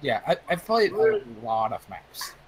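A teenage boy chats online with a slightly high, very lively voice. He jokes around crudely. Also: measured pace, a crowd in the background, poor audio. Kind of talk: casual online group chat.

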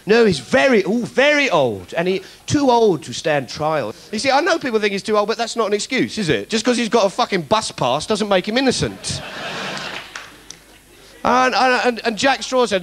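A man's voice: sits high, big pitch swings, moderate pace, fairly bright tone. A man doing stand-up political comedy, ranting in mock indignation with plenty of swearing. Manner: acts out other people's voices.

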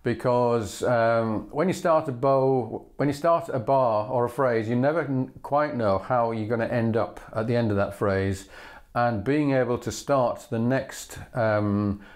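This is a methodical fiddle lesson: a man with a mid-range voice and measured pace explains bowing step by step, singing rhythms aloud in between. Loud fiddle playing sounds between phrases.

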